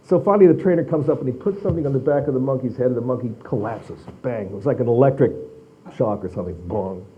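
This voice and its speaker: A man's voice: medium pitch, muffled recording. A man, an author speaking at a library talk, telling an anecdote with many restarts and repeated words. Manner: halting, repeats words as he talks. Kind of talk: anecdotal storytelling to an audience.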